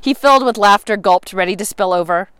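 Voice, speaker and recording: A woman reading a novel aloud, expressive, with sudden rises and emphatic words. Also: mid-range voice, a little fast, clear, resonant tone, no echo. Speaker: reader.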